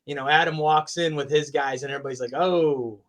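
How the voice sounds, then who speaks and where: A man's voice: on the high side, steady tone, racing, a bit bright. A man guesting on a sports podcast, talking in an enthusiastic, conversational way and laughing often. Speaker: guest, college athletics communications director. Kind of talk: casual interview chat.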